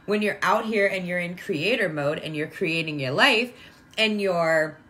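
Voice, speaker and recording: A woman's voice: lowish voice, a little slow, fairly bright tone. A woman talking casually to her viewers about energy and feelings, chatty and affectionate, often checking in with "right?". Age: adult with a young daughter. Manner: chatty, full of "like" and "right?", affectionate toward listeners. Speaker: spiritual vlogger. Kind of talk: casual spiritual talk to viewers.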